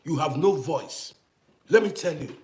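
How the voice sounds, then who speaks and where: A man's voice: on the high side, animated, measured pace, darkish tone. A man from Africa delivering an impassioned monologue to camera, ranting and firing off rhetorical questions while repeating himself for emphasis. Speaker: vlogger.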